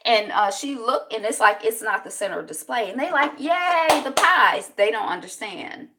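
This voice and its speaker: A woman vlogger recapping a TV episode in casual, animated talk full of fillers. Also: medium pitch, normal speed, background noise. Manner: animated, chatty storytelling with many fillers.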